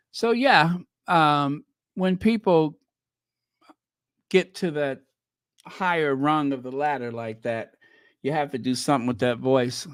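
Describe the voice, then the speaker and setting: Slow, teasing higher-voiced man host. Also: smooth, no echo, studio quality. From United States. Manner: chatty, teasing, laughing asides. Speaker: channel host. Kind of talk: commentary on royal news clips.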